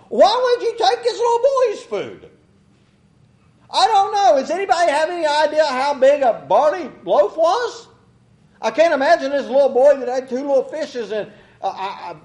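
A man with a very high voice preaches a rambling, folksy sermon. He chuckles and slips into little mock quotes as he talks. The sound rings around an echoey room. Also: a little mellow.

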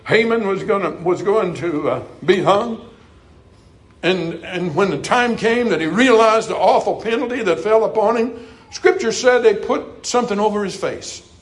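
A middle-aged man preaching a sermon earnestly, climbing to emphatic highs and dropping to soft, quiet passages. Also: normal speed, low-quality recording.

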